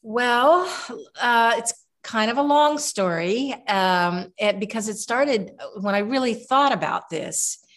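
A woman's voice: a little high, slow. Older lady herbalist telling long stories, lots of restarts, easygoing. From Kentucky. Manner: rambling, warm storyteller with many restarts. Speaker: guest herbalist. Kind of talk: relaxed storytelling interview.

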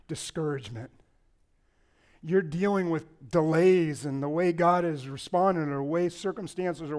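A man preaching a sermon as pastor, rising to loud impassioned lines and dropping low, with playful asides to the congregation.

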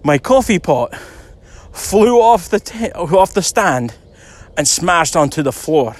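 A man retelling what an excitable, blunt hotel worker said, in a raised and animated voice. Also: a little high, takes it slowly, pitched above the performer's own voice, exaggerated voice. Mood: excited.

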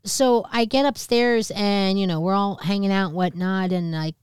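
Her voice mid-range, mellow, clear, and resonant at a normal pace, this thirtysomething podcast co-host tells a personal tale openly, cursing freely and performing the quoted voices of others in it. The audio is dry and studio-grade.

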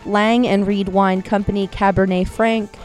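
A woman co-hosting a casual podcast, chatting and reading food and drink items slowly and carefully, recorded outdoors. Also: medium pitch, flat delivery, a little mellow, soft background music. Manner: chatty, reads item names slowly and carefully. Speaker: podcast co-host. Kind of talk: casual chat reading a menu. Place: outdoors at home.

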